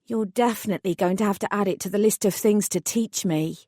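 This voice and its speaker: Brief: woman reading a plucky young fairy godmother, mellow and dry, storybook heroine. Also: medium pitch, a little fast, no echo, natural voice. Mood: eager.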